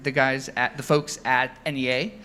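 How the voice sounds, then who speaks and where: A man, a company founder, telling stories at an onstage interview, animated, with many ums and restarts. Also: medium pitch, normal speed. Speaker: founder and CEO. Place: event stage before an audience.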